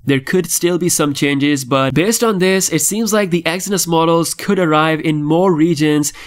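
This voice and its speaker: A man's voice: a little high, normal speed. A man hosting a tech news vlog, delivering scripted updates in an upbeat, enthusiastic way. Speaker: tech channel host.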